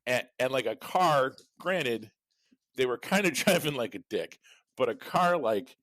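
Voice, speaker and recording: A man's voice: medium pitch, expressive, measured pace, fairly bright tone, no echo. A man co-hosting a podcast, telling a rambling, profane story in casual chat with frequent laughs. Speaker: podcast co-host.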